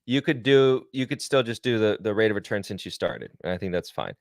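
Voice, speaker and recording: A man co-hosting an investing livestream, calmly explaining and laughing at the chat. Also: lowish voice, a little fast, vocal fry, no room sound, studio quality. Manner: amused, laughs often, reads chat aloud.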